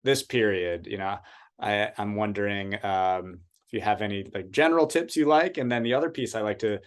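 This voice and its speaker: Halting, rambling man coach host. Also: fairly low pitch. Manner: rambling, halting questions with many restarts. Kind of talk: interview questions.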